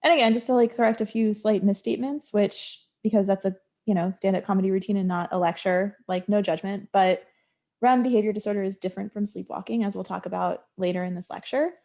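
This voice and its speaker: A woman with a mid-range voice gives a university lecture on psychology. She explains in a relaxed, conversational manner, dotting her talk with ums and likes. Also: medium pitch, fast.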